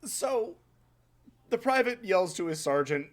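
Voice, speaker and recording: A man hosting a casual podcast, telling a history story in an animated, swearing, laughing way. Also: high voice, a little slow. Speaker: podcast host.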